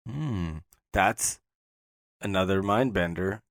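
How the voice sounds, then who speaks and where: A man's voice: deep voice, slow pace, gravelly, no echo, studio quality. A man co-hosting a podcast, musing aloud in a playful, easygoing way. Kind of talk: casual TV discussion chat.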